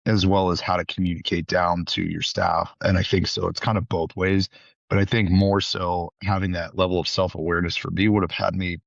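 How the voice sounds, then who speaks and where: Gravelly deep-voiced man, reflective. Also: little pitch movement, brisk, dry recording. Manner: reflective, speaks in restarts. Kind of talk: conversational interview. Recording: dull lo-fi audio.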